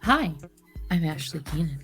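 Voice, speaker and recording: A woman's voice: sits low, big pitch swings, a little slow, fairly bright tone, soft background music. A woman co-hosting a podcast, giggly and bubbly. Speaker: podcast co-host. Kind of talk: casual chat.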